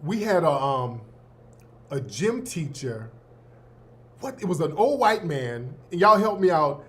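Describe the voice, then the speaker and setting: Male host in his fifties, high voice, laid-back slangy storyteller who laughs a lot. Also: very animated, slow, sharp tone. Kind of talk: casual storytelling.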